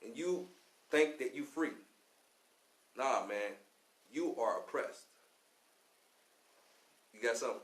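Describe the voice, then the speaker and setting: A man from Louisville, Kentucky, acting as class teacher on a radio show, gives a fiery, slangy street-talk preaching lecture, repeating "you know what I'm saying." His mid-range voice is expressive and slow with long pauses, in a roomy, low-quality recording.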